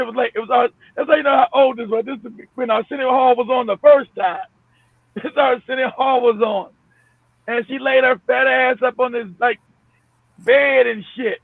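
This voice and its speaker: A high-pitched, gravelly man tells a crude story, laughing and swearing as he acts out the quotes. He sounds middle-aged, and his voice comes through a tinny, dry phone line. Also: no room sound. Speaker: caller telling a story.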